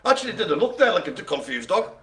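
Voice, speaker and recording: A man's voice: high voice, big pitch swings, rapid-fire, a bit bright, slight background noise. A man hosting a live bingo game, joking and rambling in playful banter. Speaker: host.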